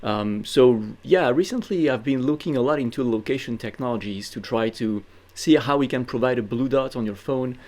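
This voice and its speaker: A man's voice: medium pitch, moderate pace, darkish tone. French-accented man, modest guest. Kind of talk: interview conversation.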